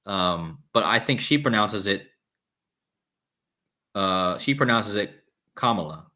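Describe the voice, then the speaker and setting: Male livestream host, low-pitched, loose and rambling, reads chat. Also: animated, takes it slowly, sharp tone. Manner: rambling, restarts, reads viewer comments aloud. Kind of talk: casual live-stream talk reading chat.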